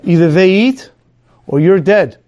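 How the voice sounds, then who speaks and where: A man's voice: sits high, expressive, a little slow, dark tone, highs cut off. A man voicing a brutal male SS officer who barks commanding orders in a raised voice. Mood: threatening.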